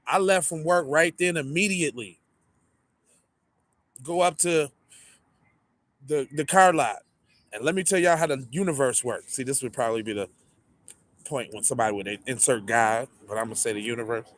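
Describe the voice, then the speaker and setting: A man casually telling a story, animated and full of swearing, acting out the people in it. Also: medium pitch, normal speed, pauses often. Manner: animated, profane, acts out the people in his story. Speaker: podcast storyteller.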